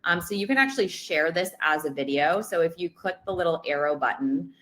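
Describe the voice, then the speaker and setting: Woman with a deep voice running a webinar demo, lots of ums. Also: lively intonation, a little fast, fairly bright tone. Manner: casual, many ums and uhs. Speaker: webinar presenter.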